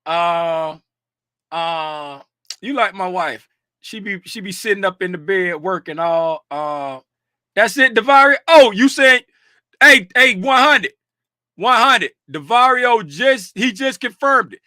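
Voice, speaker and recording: Male livestream host from Florida, high bright voice, animated and casual. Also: slow, dry recording, studio quality. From Fort Lauderdale, Florida. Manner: animated, greets chat by name, bursts of laughter and shouting. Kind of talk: casual livestream chat with viewers.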